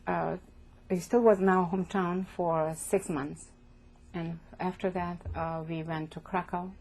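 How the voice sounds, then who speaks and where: An older woman from Poland giving oral history testimony as an interviewee, speaking haltingly and repeating words as she goes. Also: lowish voice, little pitch movement, a little mellow. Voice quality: gravelly, husky.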